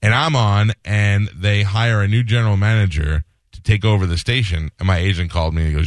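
Lowish dry-voiced radio host storytelling. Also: male voice, fairly quick, hardly any pauses, no room sound. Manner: animated storyteller acting out quoted voices. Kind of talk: casual storytelling interview.

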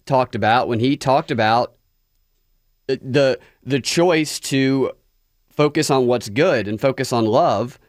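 A man co-hosting a talk show who speaks in a measured, slightly hesitant way. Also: medium pitch, no room sound, studio quality. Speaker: co-host. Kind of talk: casual chat.

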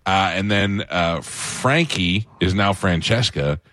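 A male radio show host chatting in a relaxed, conversational way in the studio. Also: low voice, no echo. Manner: relaxed, chatty, quick back-and-forth. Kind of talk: casual radio chat. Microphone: studio microphone.

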